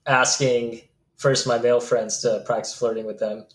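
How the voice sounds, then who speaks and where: A man with an ordinary mid-pitched voice, answering questions as a coaching client. He speaks hesitantly, stopping and restarting his sentences. His voice carries a noticeable room echo. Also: little pitch movement, moderate pace. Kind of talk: interview conversation.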